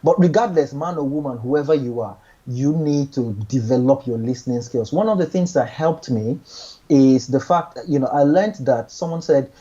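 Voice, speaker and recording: A man talking through relationship advice in an earnest, meandering way, doubling back over his own words. His voice is husky and mellow, and the recording sounds dull and lo-fi. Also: medium pitch, normal speed. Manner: earnest, repeats words, many restarts and "you know". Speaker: guest giving relationship advice. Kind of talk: casual advice chat.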